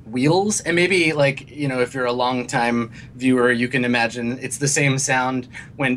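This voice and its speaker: A man runs a tabletop role-playing game and describes each scene in a loose, rambling way, full of fillers. A faint rumble sits in the background. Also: a bit bright. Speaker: game master.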